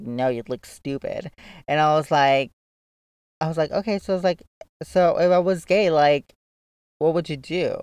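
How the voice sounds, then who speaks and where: A man's voice: a little high, clear, resonant tone, no echo. A young man in casual storytime chat, talking freely with lots of "like" and casual swearing. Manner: chatty, frequent "like", swears casually. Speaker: vlogger.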